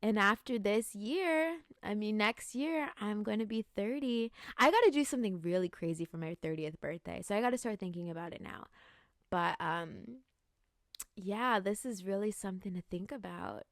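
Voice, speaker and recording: A woman's voice: mid-range voice, lively intonation, moderate pace, no echo, clean studio sound. A woman in her late twenties hosting a podcast, talking in an earnest, musing way about growth and intentions, with many "like"s. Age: 20s. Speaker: podcast host. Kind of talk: reflective spiritual talk.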